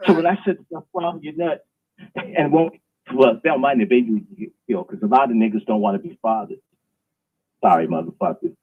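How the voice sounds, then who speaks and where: A man's voice: lowish voice, brisk, slightly rough. A man hosting a live stream, delivering an emphatic, preachy, provocative monologue. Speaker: host. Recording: tinny phone-like line.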